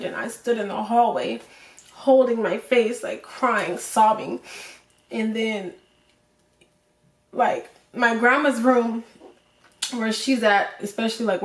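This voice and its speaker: A young woman vlogger telling a personal story to the camera in an emotional, halting way, full of fillers. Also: fairly high pitch. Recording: roomy echo, voice from a distance.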